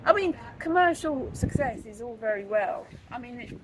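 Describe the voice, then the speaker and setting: A woman hosts a relaxed interview in a slightly higher pitch. She chats freely, keeps up a steady stream of agreement, and riffs on ideas with animated opinions. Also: moderate pace, a little hiss or hum, low-quality recording. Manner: chatty, lively reactions, lots of agreeing backchannel. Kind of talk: casual interview chat.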